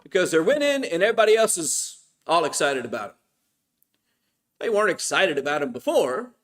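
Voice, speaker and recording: A man's voice: a little high, very animated, brisk, a bit bright. Middle-aged man teaching a Bible class. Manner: asks the class questions and answers them himself. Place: church.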